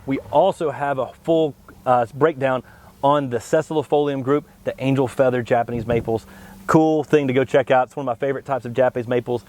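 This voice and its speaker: A man co-hosting a plant show, explaining tree varieties in a steady, knowledgeable way. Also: medium pitch, brisk. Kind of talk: informative product talk.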